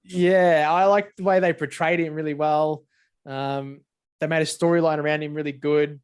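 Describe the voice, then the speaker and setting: A man's voice: fairly high pitch, little pitch movement, normal speed, clean tone. A man co-hosting a podcast in laid-back, sweary casual chat, laughing often. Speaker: podcast co-host.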